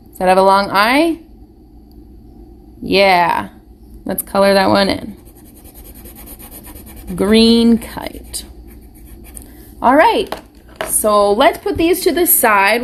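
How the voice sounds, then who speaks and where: Slow, patient woman teaching young children. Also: medium pitch, lively intonation. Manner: patient, encouraging, speaks slowly with questions to children. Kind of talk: live online phonics lesson for young children.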